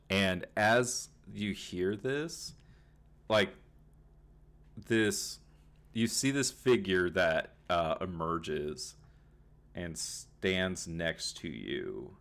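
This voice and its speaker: A man's voice: low-pitched, animated, extremely slow, creaky, long pauses, fairly bright tone. A man narrating a tabletop game as game master, rambling with many fillers, on a home computer mic.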